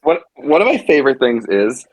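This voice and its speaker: A man co-hosting a casual podcast chat, rambling and animated, with frequent restarts and swearing. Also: medium pitch, a little fast. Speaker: podcast co-host.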